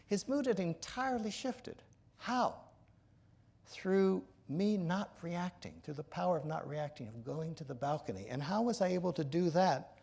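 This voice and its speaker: A man's voice: high-pitched, lively intonation, moderate pace, gravelly, darkish tone, husky. A man in his sixties, an author giving a lecture, telling a personal story in an earnest, reflective way and often restarting his sentences.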